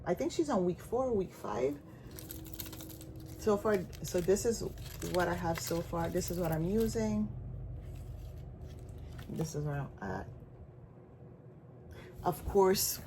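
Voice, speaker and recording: A woman's voice: on the low side, darkish tone, slight background noise. A woman with a Caribbean accent chatting casually as she shows her stitching projects, rambling and trailing into asides. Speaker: stitching vlogger. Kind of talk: casual show-and-tell chat.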